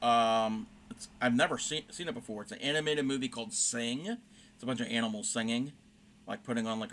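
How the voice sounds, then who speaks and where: A man's voice: mid-range voice, sharp tone, a little hiss or hum. A man hosting a crafting livestream, telling a rambling story in casual chat with fillers and self-corrections while he stitches.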